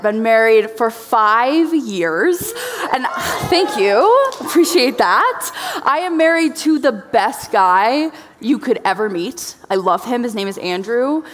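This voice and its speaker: Young woman, youth pastor, bubbly and emotional, slightly high voice, long hall reverb. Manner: bubbly, emotional, talks straight to teens. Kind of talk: youth sermon.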